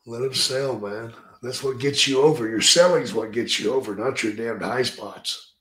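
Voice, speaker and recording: A man's voice: mid-range voice, normal speed, fairly bright tone. Man, podcast host, blunt, profane, opinionated, casual interview, roomy echo.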